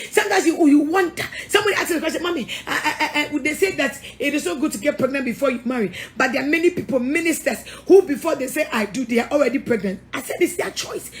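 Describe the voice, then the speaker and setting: High-voiced Ghanaian woman preaching emphatically. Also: slight background noise. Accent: Ghanaian English. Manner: emphatic, scolding, repeats words, laughs often. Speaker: pastor. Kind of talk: sermon-style counselling talk.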